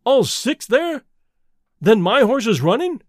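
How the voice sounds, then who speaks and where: A man's voice: high-pitched, sing-song, normal speed, no room sound, studio quality. A man doing an agitated, blustering old colonel. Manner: blustering, indignant. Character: angry agitated older male racehorse owner.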